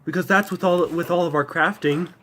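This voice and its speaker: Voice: medium pitch, fairly even intonation, fairly quick, noisy background. Rambling young adult storyteller. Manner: rambling, laughs at own jokes. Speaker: co-host. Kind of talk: casual chat.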